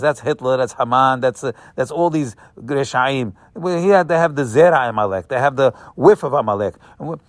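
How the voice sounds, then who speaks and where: A man's voice: medium pitch, no echo. A man teaching a Torah class in a sermon style, repeating phrases for emphasis and mixing in Hebrew terms.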